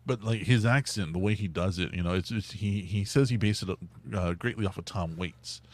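Low-voiced man chatting eagerly. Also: normal speed, darkish tone. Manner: enthusiastic, repeats words, many fillers. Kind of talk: casual chat.

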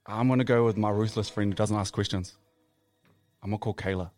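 A man co-hosting a podcast, talking in excitable, playful casual banter. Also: lowish voice, a little fast, no echo. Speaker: podcast co-host.

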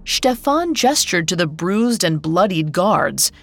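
A woman telling a fairy tale as a scripted podcast narration, measured and unhurried. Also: lowish voice, sing-song, gravelly. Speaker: storyteller.

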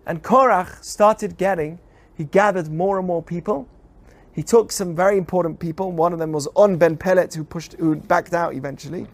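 A rabbi with a notably high voice teaches the weekly Torah portion on a podcast. He speaks in an animated way and keeps throwing rhetorical questions at his listeners.

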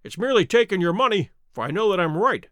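A man's voice: high-pitched, quick pace, dry recording. A man doing a cool, offhand detective. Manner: calm, offhand, dry. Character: cool, cunning male detective, composed. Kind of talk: audiobook character reading.

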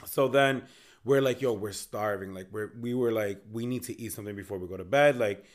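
This podcast co-host, a man in his thirties, talks a little fast in a lowish voice. He spins animated stories in a jokey, profane, casual chat.

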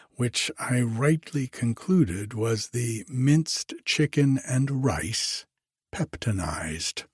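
A man reading a story aloud in a measured audiobook narration. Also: mid-range voice, darkish tone, no echo, studio quality. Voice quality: husky.

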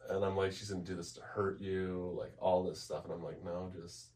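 A man co-hosting a podcast, telling a personal story in a blunt, profane, halting way, with many restarts. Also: sits low, little pitch movement, darkish tone, distant mic. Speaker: podcast co-host. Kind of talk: candid conversational storytelling.

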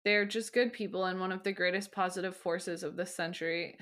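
A woman's voice: on the low side, fairly even intonation, brisk, fairly bright tone. A young woman co-hosting a podcast, chatting casually and gushing with frequent laughter as she reads listener answers. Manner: giggly, gushing, laughs often. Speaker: podcast co-host.

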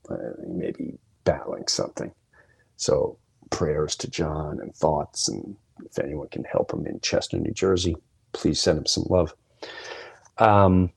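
A man's voice: a bass voice, vocal fry, husky. A man hosting a solo podcast, telling candid, emotional stories full of quoted dialogue. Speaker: podcast host. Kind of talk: solo storytelling monologue.

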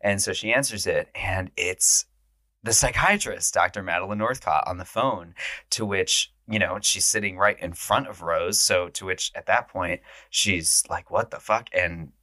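A man's voice: low voice, a little slow, no room sound, studio quality. A man casually recapping a horror film on his podcast, acting out the characters' lines. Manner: animated, acts out quotes in raised voices. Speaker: podcast host.

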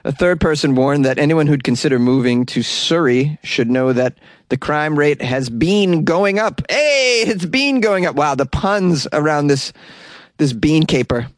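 A man's voice: a little high, a little slow, no echo, clean studio sound. A man hosting a podcast, riffing on odd news stories in a wisecracking way and chuckling often. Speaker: podcast host. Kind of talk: comedic news commentary.

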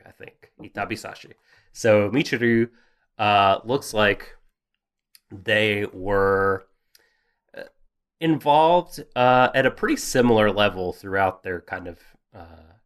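Rambling man co-hosting a podcast. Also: lowish voice. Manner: rambling, self-deprecating, many fillers and restarts. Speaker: podcast co-host. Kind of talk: casual anime discussion chat.

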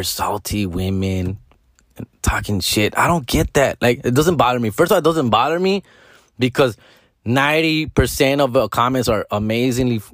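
A man's voice: on the low side, no room sound, clean studio sound. A man in his thirties talking in a casual, rambling vlog monologue, cursing freely and dropping Spanish slang as he explains his comedy videos. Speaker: social media comedy creator.

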